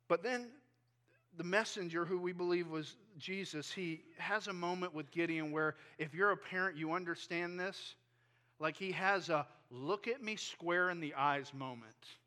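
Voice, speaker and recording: A male pastor preaching a sermon, retelling a scripture story in lively, casual words. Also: high-pitched, normal speed. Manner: animated storytelling, paraphrasing scripture in casual speech. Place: church.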